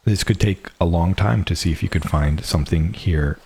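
Deep, husky male game master. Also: a little mellow. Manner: slow, drawn-out descriptive narration with restarts. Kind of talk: narrating a tabletop game.

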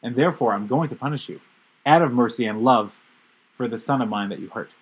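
A man's voice: medium pitch, husky, lightly acted, poor audio. A man voicing a stern, cold king. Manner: cold, measured. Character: stern grieving king judging his son.

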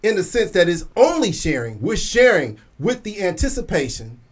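A man in a casual group discussion, a father, talking in an animated way and acting out quoted voices. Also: sits high, moderate pace.

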